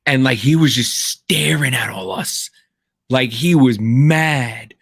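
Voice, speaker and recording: A man's voice: medium pitch, slow pace, fairly bright tone, breathy edge, dry recording, studio quality. A man co-hosting a podcast, telling rambling stories in casual chat, full of restarts and fillers. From Kansas. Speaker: podcast co-host.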